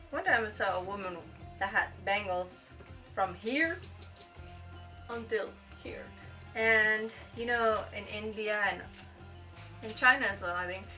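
A woman's voice: mid-range voice, pushed and bright, distant mic. A young woman chatting casually in a travel haul vlog, laughing at herself and acting out her bargaining. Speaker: travel vlogger.

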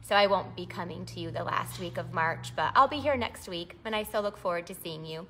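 Bright-voiced bubbly woman demonstrating crafts. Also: lowish voice, fairly quick, faint music behind. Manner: chatty, bubbly, gushing. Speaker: papercraft demonstrator. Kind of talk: live-streamed craft demo.

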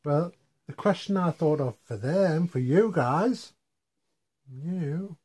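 A man hosting a family vlog, telling stories in a relaxed, rambling way while lying in bed at home. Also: on the high side, slow, husky. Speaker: vlog host. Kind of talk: casual family Q&A chat. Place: home bedroom.

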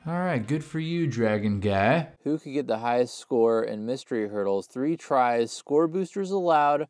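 A young man giving casual gameplay commentary, full of slang, who often bursts into loud screams and laughter. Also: mid-range voice, no echo, clean studio sound. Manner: hyped, yells and screams when excited, slangy. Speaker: gaming YouTuber.

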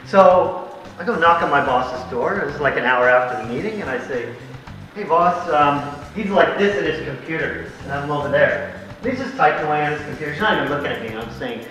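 A man's voice: fairly high pitch, brisk. A male mental toughness trainer telling a team a story, acting out the dialogue as he goes. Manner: animated, acts out conversations in quotes. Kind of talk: motivational storytelling to a sports team. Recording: echoey distant recording with music behind.

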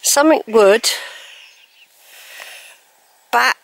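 Speaking extremely slowly in a creaky, fairly high voice, a woman narrates a countryside walk to her handheld phone camera. She's breathless and chatty, a casual vlogger who coos at the animals along the way.

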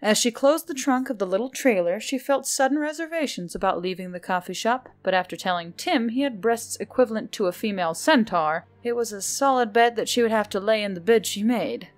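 A woman's voice: a little high, lively intonation, a little fast, hardly any pauses. A woman reading a novel aloud for her channel, reading steadily and breaking off now and then to laugh and comment on the story.

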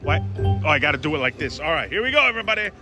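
A man playing slots on a casino floor, giving excitable running commentary and calling out to his viewers and his mom. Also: fairly high pitch, rapid-fire. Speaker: casino slot vlogger. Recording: casino floor with loud music. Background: slot machine music.

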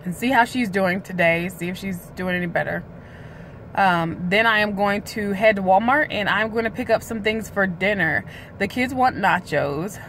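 A woman talks straight to her phone camera in a casual, candid vlog, with plenty of drawn-out filler sounds. She sits in a parked car, and faint traffic noise drifts in behind her. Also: medium pitch, a bit bright. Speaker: weight-loss vlogger. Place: parked car outside a hospital.

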